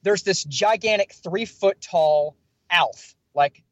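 High-voiced man telling a rambling story. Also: slow pace, no room sound, muffled recording. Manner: rambling, animated anecdote with filler words. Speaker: podcast regular, former police officer. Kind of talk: casual storytelling. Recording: dry close podcast mic.

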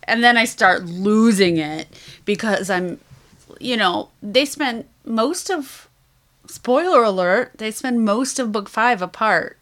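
A woman's voice: fairly high pitch, expressive, slow, a bit bright. A woman co-hosting a book podcast in casual chat, telling stories with animation and acting out quotes. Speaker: podcast co-host.

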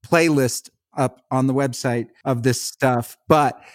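A man's voice: mid-range voice, fairly even intonation, takes it slowly, no room sound, clean studio sound. A man hosting a podcast interview and talking to his guest in an eager, chatty and playful way. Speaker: podcast host. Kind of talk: casual interview chat.

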